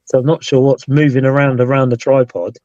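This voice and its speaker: A man's voice: medium pitch, flat delivery, fairly quick, mellow, no room sound. A British man hosting a casual live paranormal chat, rambling and restarting his sentences. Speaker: paranormal investigator and show host. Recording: dull dry lo-fi sound.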